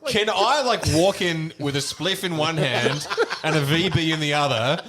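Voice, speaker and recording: A man's voice: fairly high pitch, normal speed, crowd noise. A man hosting a podcast, joking around, laughing and swearing often. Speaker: podcast host. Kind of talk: casual podcast chat.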